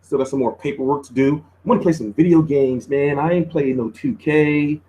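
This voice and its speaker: A man's voice: a little high, a little fast, dark tone, a little hiss or hum. A man hosting a boxing news show, talking in a casual, slangy, laid-back way. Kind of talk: casual commentary.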